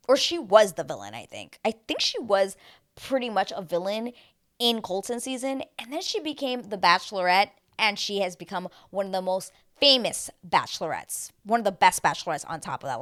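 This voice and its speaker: A young woman chatting casually through a reality TV recap, gossipy and animated, acting out what people said. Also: medium pitch. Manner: gossipy, animated, slips into squealing quoted voices.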